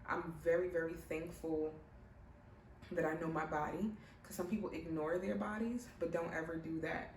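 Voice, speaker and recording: A young pregnant woman telling her own story in a casual, animated way, putting on other people's voices as she goes. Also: low voice, normal speed, a little hiss or hum. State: heavily pregnant. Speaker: vlogger. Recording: roomy, mic at a distance, faint ambience.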